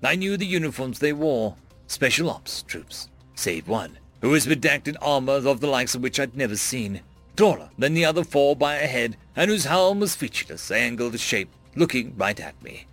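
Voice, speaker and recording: A man's voice: very animated, normal speed, soft background music. A man narrating a dramatic first-person story, raising his voice sharply for panicked lines. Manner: voices characters' panicked shouts with big pitch jumps.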